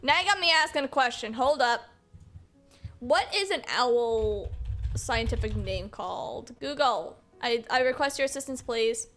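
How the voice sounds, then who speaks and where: A woman's voice: fairly high pitch, expressive, measured pace, a bit bright. A woman streaming a video game, chatting casually in a playful, rambling way. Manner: playful, rambling, chuckling to herself. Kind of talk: casual chat while gaming. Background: faint game music.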